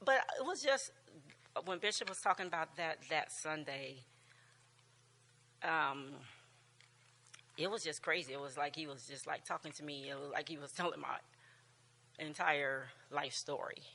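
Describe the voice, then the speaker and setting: A woman in her sixties talks casually to a church class, laughing easily and tripping over her own sentences. Her voice is bright and a little tense. A long hall reverb trails behind her words. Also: deep voice, moderate pace, pauses often, a little hiss or hum. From United States. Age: 60s. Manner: chatty, laughing often, warm storytelling with many restarts.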